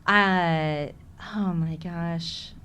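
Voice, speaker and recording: A woman's voice: fairly low pitch, steady tone, drawn-out words, fairly bright tone, a little hiss or hum. A woman with a Chicago accent, an actress talking candidly in a casual interview and laughing often. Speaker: actress, podcast guest.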